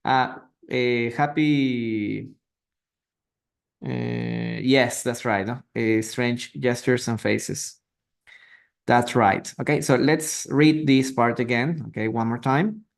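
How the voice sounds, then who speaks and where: Streaming on a phone or computer mic, a man from Peru teaches English through a live online reading lesson. In a creaky mid-range voice, he greets viewers, asks students questions, and patiently repeats and translates words.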